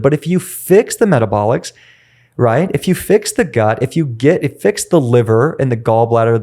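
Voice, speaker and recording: A man, a nutritionist guest on a podcast interview, explaining and acting out stories with his clients in an animated way. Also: on the high side. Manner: animated storytelling, acts out dialogue.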